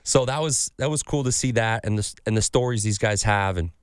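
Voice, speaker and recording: Man, podcast host, casual card-collecting chat, animated storyteller, swears a lot, dry close studio sound. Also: fairly low pitch, brisk, clean tone, no echo. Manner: animated storyteller, swears freely, acts out quotes.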